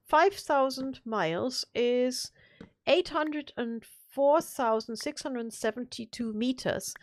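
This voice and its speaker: A woman's voice: high-pitched, takes it slowly, no room sound. Chatty woman telling rambling stories. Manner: rambling, playful storyteller. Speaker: co-host of a gaming live stream. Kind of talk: casual gaming chat.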